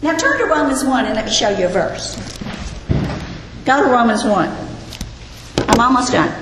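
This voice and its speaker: A woman's voice: a little high, very animated, moderate pace, fairly bright tone, a little hiss or hum. A woman teaching a Bible lesson to a group, earnest and putting questions to her listeners. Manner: earnest, asks the audience questions. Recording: echoey hall with long reverb, faint ambience.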